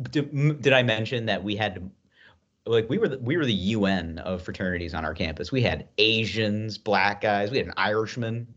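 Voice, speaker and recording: Low-voiced man in dull lo-fi audio. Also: normal speed, fairly bright tone. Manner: rambling, laughing storyteller. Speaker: podcast co-host. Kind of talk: casual podcast chat. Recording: dull lo-fi sound.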